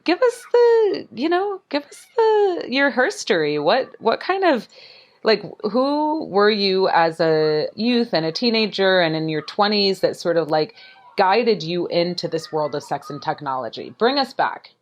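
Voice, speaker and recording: A woman hosting a podcast interview, bubbly and exclamatory, her voice leaping up in pitch as she gets excited. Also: unhurried, dull audio. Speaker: podcast host. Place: apartment in a city, children outside.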